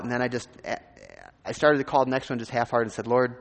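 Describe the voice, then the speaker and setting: A man's voice: mid-range voice, little pitch movement, fairly quick, long reverb tail. A man from Minnesota, a pastor, telling his personal testimony in a sermon in an informal, rambling way with many restarts.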